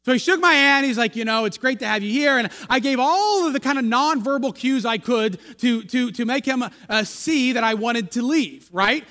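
A high-pitched, bright American male pastor tells a rambling, self-deprecating story from the pulpit. He stops often to toss asides to the congregation. The voice rings out through a long church-hall reverb. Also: animated, normal speed, hardly any pauses. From United States. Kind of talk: sermon storytelling. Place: church sanctuary.

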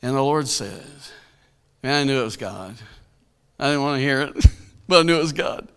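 A man's voice: mid-range voice, expressive, moderate pace, pauses often, smooth. A male pastor telling a story in a sermon, in a folksy, colloquial way, chuckling often.

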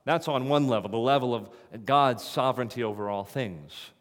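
A man's voice: mid-range voice, normal speed. Male pastor, sermon delivery, questioning style, mid-range voice, long church reverb. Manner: rhetorical questions, rising to emphatic peaks. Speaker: preacher. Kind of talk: expository sermon. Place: church sanctuary.

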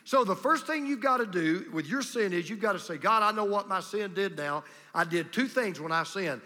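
A pastor preaching a sermon, emphatic and repetitive, with a storyteller's delivery. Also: male voice, high-pitched, lively intonation, normal speed, bright, forceful tone. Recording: long reverb of a large hall.

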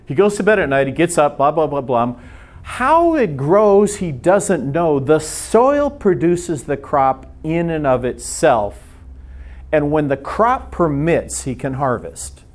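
A middle-aged man preaching a sermon in a conversational, storytelling way, with quick bursts of speech and casual asides. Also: fairly high pitch, big pitch swings.

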